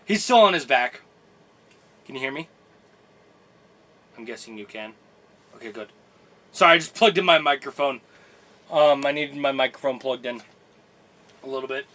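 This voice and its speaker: A man narrating a tabletop game as game master, in halting, rambling sentences full of fillers. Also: mid-range voice, sharp tone.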